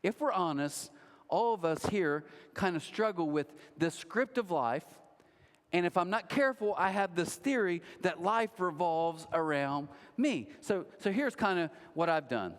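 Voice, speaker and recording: A man's voice: high voice, expressive, a little slow, in a large hall. A man preaching a sermon as pastor, telling a story in a joking, self-mocking way. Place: large church auditorium.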